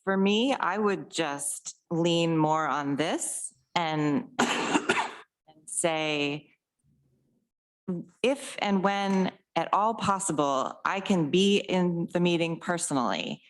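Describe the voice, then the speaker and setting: Woman, legislator, plainspoken, easy laugh, deep-set pitch. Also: lively intonation, slow pace. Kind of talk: meeting discussion. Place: council chamber.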